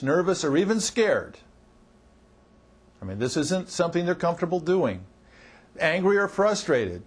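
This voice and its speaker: A middle-aged man coaching auto service writers in a conversational training talk, acting out what customers and staff say. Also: fairly high pitch. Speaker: marketing coach.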